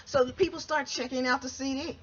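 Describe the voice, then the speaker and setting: A woman hosting a podcast, telling a comic story in a rambling way, looping back with "so anyway" and jumping into quick voiced quotes. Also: high-pitched, fairly even intonation. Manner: rambling, keeps restarting with "so anyway". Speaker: podcast host. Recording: dull lo-fi recording.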